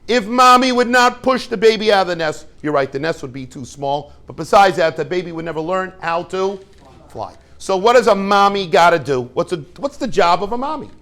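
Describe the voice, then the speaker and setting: Man, rabbi, informal lesson, joking, asks the class questions, somewhat high voice. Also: animated, fairly quick, a bit bright. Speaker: rabbi teaching students.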